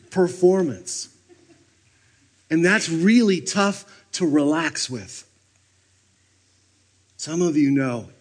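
A man giving a sermon at a retreat, animated, swinging between loud bursts and hushed near-whispers. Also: fairly high pitch. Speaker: retreat speaker. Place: retreat meeting room.

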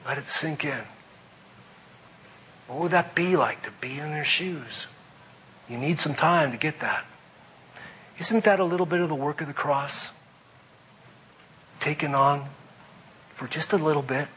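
A middle-aged man preaching a sermon, animated, moving between loud emphasis and quiet reflection. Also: fairly high pitch, slight background noise, poor audio. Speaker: pastor.

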